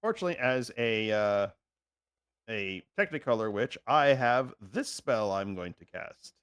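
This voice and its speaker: A man's voice: lowish voice, expressive, measured pace, a bit bright, clear, resonant tone. A man playing in a tabletop game, chatting casually with joking asides. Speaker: player.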